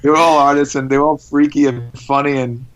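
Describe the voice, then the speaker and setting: A man telling stories as a guest in a casual interview, rambling and animated, with restarts. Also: on the high side, fast talker. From United States.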